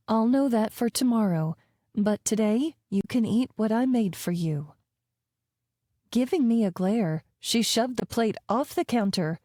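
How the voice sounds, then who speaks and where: A woman narrating a first-person romance audiobook with wry, lively storytelling on a close studio mic. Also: mid-range voice, dry recording.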